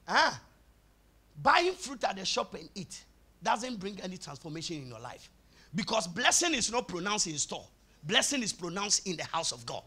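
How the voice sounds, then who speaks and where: High bright preacher guy, gravelly, swings up into shouting and singsong. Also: very animated, normal speed. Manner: rising into shouted, sing-song preaching. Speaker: pastor. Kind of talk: sermon.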